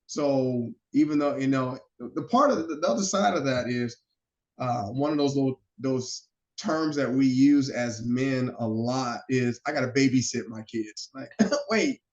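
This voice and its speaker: A man guesting on a podcast, telling stories in a lively, animated way and acting out the quotes. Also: medium pitch, a little slow. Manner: animated storyteller who acts out quotes. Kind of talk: casual storytelling chat. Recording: roomy, slightly dull sound.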